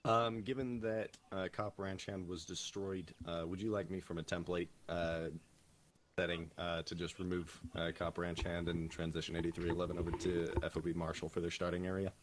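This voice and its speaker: Very deep-voiced, hesitant man. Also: flat delivery, moderate pace, a little hiss or hum. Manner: hesitant, many fillers. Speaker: officer in a military sim group. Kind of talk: debrief over game voice chat.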